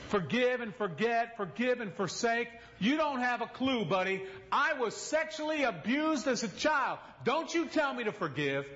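A man's voice: very high-pitched, expressive, normal speed, hardly any pauses, fairly bright tone, lo-fi sound, pitched above the performer's own voice. A male preacher voicing a woman who angrily rejects his call to forgive. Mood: indignant. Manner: indignant, accusing. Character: angry woman abuse survivor confronting a preacher.

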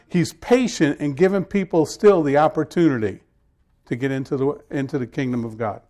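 A man preaching a sermon to his congregation. His voice sits slightly high. He talks in a loose, conversational way, then leans hard into the scripture passages with growing force. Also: moderate pace, a little mellow. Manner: conversational storytelling, rising to emphatic scripture reading. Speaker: pastor.

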